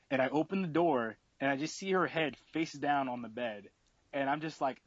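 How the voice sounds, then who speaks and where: A man's voice: mid-range voice, animated, a little fast, no echo, muffled recording. A young man hosting a podcast, telling a story casually and animatedly, with lots of "like" fillers and acted-out asides. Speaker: podcast host.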